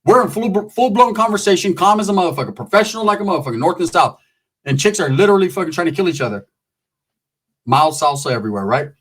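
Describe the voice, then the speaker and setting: A middle-aged man telling a comic street story, animated and profane. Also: high-pitched, fast, husky.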